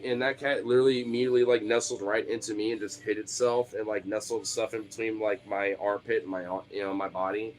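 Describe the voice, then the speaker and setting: A young man with a fairly low voice tells a personal story in a casual, rambling way. He swears freely and swings from laid-back to exasperated.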